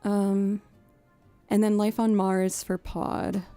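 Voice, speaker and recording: Woman, 30s, Boston accent, casual stream chat, rambling, warm mellow tone, faint music. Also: medium pitch, level tone, slow pace. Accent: Boston with a creeping Southern twang. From New England, outside Boston. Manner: chatty, rambling, many fillers, thanks viewers.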